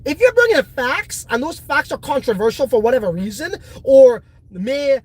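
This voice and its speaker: A man's voice: very high voice, lively intonation, moderate pace, slightly rough. A man hosting a casual crypto livestream, reading viewer comments in a boastful, profane, rambling way.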